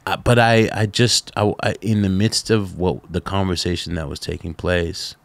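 A middle-aged man, a podcast guest, telling stories in a casual interview, animated and laughing, with lots of "like" fillers. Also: low-pitched, moderate pace, gravelly, no echo.

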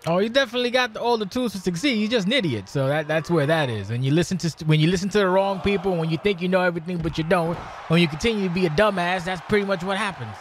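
A man's voice: high-pitched, expressive, racing, a little hiss or hum. A man doing color commentary on wrestling, rambling with sarcastic, mocking jokes. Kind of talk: joking wrestling game commentary.

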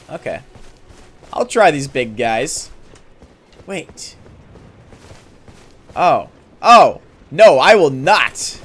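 Over game music, a young streamer gives let's play commentary, excitable and chatty as he plays. He often yelps in surprise, his voice jumping high, and talks directly to the characters on screen.

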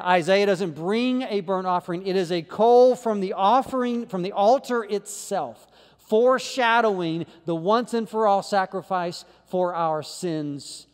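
A man preaching a sermon as pastor, swinging between loud emphatic lines and low quiet ones. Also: smooth, big-room sound. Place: church sanctuary.

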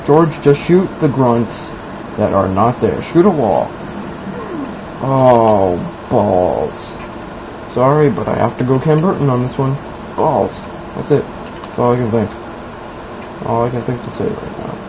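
A man's voice: mid-range voice, lively intonation, unhurried, long pauses. A young man giving casual, mock-serious commentary over his own video game play. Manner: mock-serious, then loud and giddy. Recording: lo-fi, noisy home recording.

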